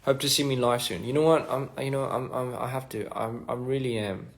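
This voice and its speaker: On a phone livestream, a man with a medium-pitched, gravelly voice reads fan comments in casual, rambling chat, trailing off between thoughts and offering soft-spoken asides. His tone is steady and his pace a little fast.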